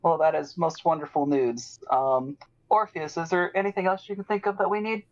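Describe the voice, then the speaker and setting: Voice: mid-range voice, fairly even intonation, normal speed, lo-fi sound, lightly acted. A player voicing a courtly noble lady. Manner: formal, courtly diplomacy. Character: noble lady adventurer, poised and formal.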